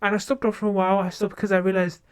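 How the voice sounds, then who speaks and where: A young woman streamer in casual live-stream chat, talking quickly and rambling, with lots of fillers and restarts. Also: mid-range voice, level tone, clear, resonant tone, dry recording. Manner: rambling, fast and talkative with many fillers. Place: home streaming setup.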